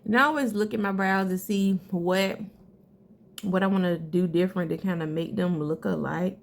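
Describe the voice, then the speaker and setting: Chatty woman with a gravelly edge. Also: lowish voice, steady tone, normal speed, slight background noise. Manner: chatty, talks straight to viewers as girl and sis. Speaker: beauty vlogger. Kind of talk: casual makeup tutorial.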